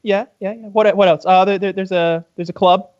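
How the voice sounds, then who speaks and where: A man's voice: sits high, steady tone, a little fast, a little mellow, dry recording, dull audio, close to an everyday voice. A man voicing a nervous, stammering creepy male fan being questioned.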